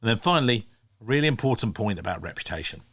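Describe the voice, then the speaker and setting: A man's voice: fairly low pitch, big pitch swings, quick pace, fairly bright tone, husky. A man hosting a podcast, giving an upbeat scripted introduction to the episode. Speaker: podcast host.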